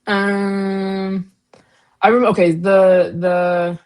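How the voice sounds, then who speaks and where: A woman's voice: mid-range voice, little pitch movement, takes it slowly, darkish tone. A woman co-hosting a casual book discussion podcast, recapping chapters in a rambling, slangy way full of fillers and giggles. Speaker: co-host, daughter.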